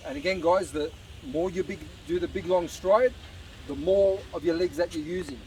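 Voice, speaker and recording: Slightly breathless fitness coach outdoors. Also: male voice, on the high side, normal speed, darkish tone. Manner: encouraging, talks to viewers while exercising. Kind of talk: casual workout demonstration. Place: outdoor beach park. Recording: distant outdoor mic with traffic noise.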